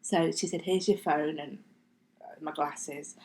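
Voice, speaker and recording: Speaking a little slowly in a deep, steady voice with a darkish tone, this middle-aged woman is a podcast guest heard through poor audio. Her storytelling is chatty and casual, with quoted speech acted out and occasional near-whispers.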